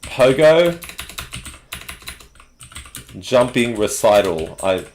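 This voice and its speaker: An Australian man hosts a relaxed live chat with his viewers, rambling along with plenty of ums. He talks unhurriedly at a mid pitch, and his voice rises and falls with lively swings. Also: drawn-out words, a little hiss or hum. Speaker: live stream host.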